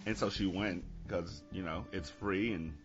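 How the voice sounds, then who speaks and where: A man hosting a podcast, telling a story in casual chat, animated and swearing, laughing between lines. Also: low voice, measured pace, dull audio, soft background music. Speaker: podcast host.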